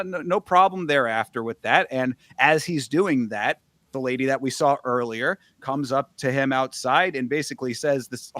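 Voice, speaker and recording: A man's voice: on the high side, a bit bright, no echo. A man co-hosting a casual film review chat, retelling scenes with wry sarcasm and laughter. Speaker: podcast co-host.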